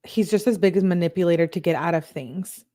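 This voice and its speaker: Low-voiced woman reading texts aloud. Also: a little fast, dark tone. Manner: reacting with exasperated asides. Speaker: host. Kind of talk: true crime commentary reading text messages aloud.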